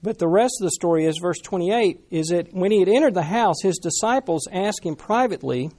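A man preaching a sermon in a conversational, animated way, talking with the congregation. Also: high voice, a little fast. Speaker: pastor.

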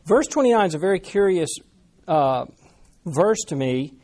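A man preaching a sermon in a conversational, animated way, talking with the congregation. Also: high voice, moderate pace. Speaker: pastor.

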